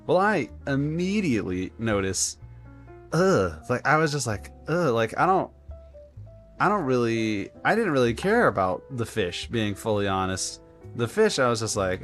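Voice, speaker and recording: A man live-streaming a game, telling a rambling story in an animated, casual way with lots of filler words. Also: medium pitch, normal speed, faint music behind. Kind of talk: live-stream gameplay chat.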